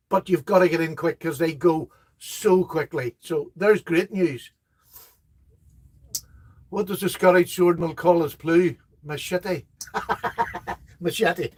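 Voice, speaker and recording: Chatty high-voiced man. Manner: chatty, laughs at jokes, reads viewer comments aloud. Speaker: host of a live knife chat. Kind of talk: casual live-stream chat.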